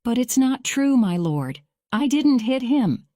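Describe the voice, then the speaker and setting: A young man protesting his innocence in a courtroom storybook, read by a woman. Slow, mellow reading with a dry sound. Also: on the high side, big pitch swings, no room sound. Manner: measured, slow graded-reader delivery.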